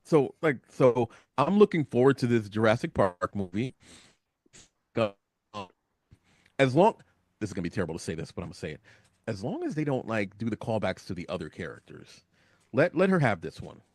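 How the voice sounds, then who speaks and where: A man talking casually on a radio show, rambling with lots of fillers and jumping up in pitch when excited. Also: a little fast, pauses often, dry recording. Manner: animated, rambling, frequent fillers. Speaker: guest commentator. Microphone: studio microphone.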